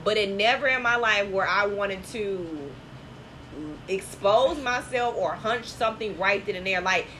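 Bright-voiced woman chatting bluntly. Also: mid-range voice, a little slow, slight background noise, low-quality recording. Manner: blunt, profane, animated storytelling. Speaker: podcast co-host. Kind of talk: casual chat.

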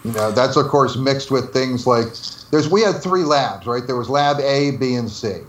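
A man's voice: medium pitch, moderate pace, roomy sound, slight background noise. A man from New Jersey telling stories as an interview guest, laughing often and acting out the dialogue he quotes. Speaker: interview guest, former game developer. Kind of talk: casual storytelling interview.

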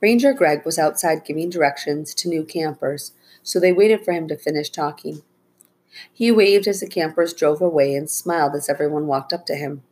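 A woman narrates a children's chapter book in a steady, even way. Her voice sits low with a husky grain. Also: moderate pace.

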